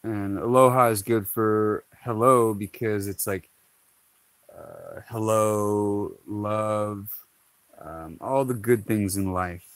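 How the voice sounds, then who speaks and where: A man talks to his viewers in an unhurried, easygoing ramble, full of "you know" and "uh" and quick laughs. His voice sits a little low and comes across close and dry, with no room sound. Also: a bit bright, dry recording. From Hawaii. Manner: laughs often, rambling with many fillers. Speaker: vlogger. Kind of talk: casual chat to camera.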